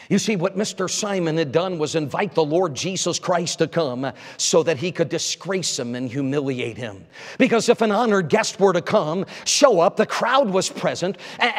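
A male evangelist preaching a sermon, swinging from loud emphasis to hushed lines. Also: on the high side, lively intonation, moderate pace. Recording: echoey church hall.

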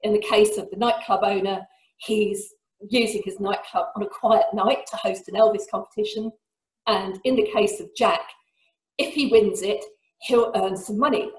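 Woman reading her novel, echoey room. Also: measured pace. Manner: lively reading, voicing shouted lines with big pitch jumps. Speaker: author giving a reading. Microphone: video call.

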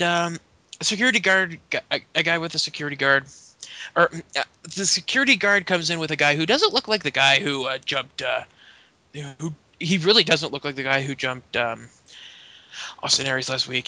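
A man's voice: on the high side, normal speed, sharp tone, no echo. A Canadian man co-hosting a podcast, rambling through a wrestling recap and acting out wrestlers' lines in voices. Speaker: podcast co-host. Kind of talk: casual chat, recapping wrestling.

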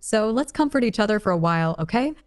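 A calm, gently teasing young man from a storybook romance, patient in tone, as a woman reads his lines in her own mid-pitched voice. Soft music sits faintly behind. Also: fast, natural voice. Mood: gentle. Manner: plain read-aloud voice, barely changed from narration.

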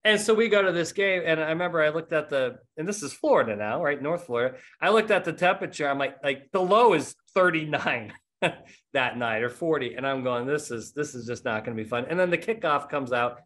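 A man's voice: fairly high pitch, expressive, a little fast, a bit bright. A middle-aged man hosting a podcast, telling stories in casual, self-mocking chat. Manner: rambling storyteller, self-mocking. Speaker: podcast host.

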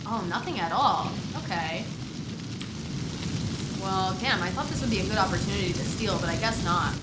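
A woman giving animated let's-play commentary, playfully narrating what her game character does and sometimes breaking into loud shrieks and laughter. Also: mid-range voice, moderate pace. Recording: roomy echo with clear background noise.

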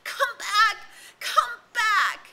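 A woman's voice: very high voice, sing-song, very slow, voice pushed up, heavily acted. A woman voicing a desperate boy leader stranded on an island, crying out in anguish. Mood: anguished shouting. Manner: shouting in anguish.

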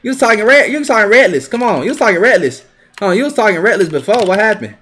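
A young man giving live gameplay commentary, trash-talking his opponents with heavy profanity and sudden bursts of yelling. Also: sits high, big pitch swings, fast, slightly rough. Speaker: gaming video creator.

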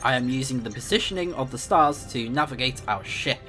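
A man's voice: medium pitch, a little fast, sharp tone, faint music behind, close to an everyday voice. Guy reading out a polite robot ship guy, stiff and formal, trips on words sometimes. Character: formal, dutiful male starship AI. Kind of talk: reading game dialogue aloud.

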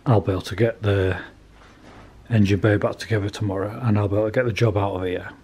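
A man's voice: fairly low pitch, steady tone, quick pace, a little mellow, husky. A man casually narrating his car restoration work in a garage workshop, plain-spoken and chatty with some swearing.

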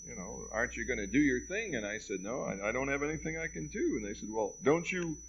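A middle-aged man lectures with wry, dry humor, playing out both sides of the conversations in his anecdotes. His voice sits in a middle register with a gravelly edge. The old reel-to-reel tape sounds muffled and lo-fi, with a faint hiss and hum. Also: mid-range voice, sing-song, quick pace. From United States. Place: lecture hall at a college.

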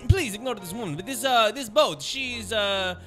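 A man voicing his tabletop character in a thick put-on Russian accent, halting and full of fillers. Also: sits high, animated, fairly bright tone, faint music behind, pitched above the performer's own voice. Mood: urgent. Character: wizard player character with thick fake accent. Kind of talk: improvised tabletop role-play.

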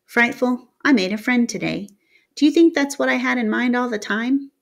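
A woman's voice: a little high, expressive, moderate pace, vocal fry, pitched above the performer's own voice. An earnest teenage boy who lives alone in the wilderness, read aloud by a woman in an audiobook. He speaks plainly and directly.

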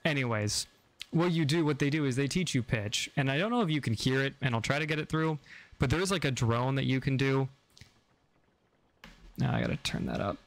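A woman streamer in casual chat, rambling with many fillers while demonstrating voice exercises that move between a low and a higher register. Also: fairly quick.

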